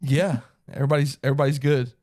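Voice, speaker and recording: A man's voice: mid-range voice, steady tone, racing, darkish tone, no room sound, clean studio sound. Man rambling in casual podcast chat. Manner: rambling, restarts his sentences. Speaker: podcast co-host.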